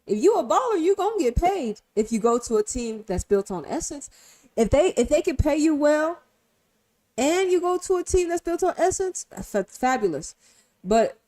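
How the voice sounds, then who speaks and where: A high-voiced woman streamer talks in casual, profane commentary. Her pitch leaps all over, and she fires off rhetorical questions. She drops from loud bursts to near-hushed mutters. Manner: animated, swinging from loud to hushed.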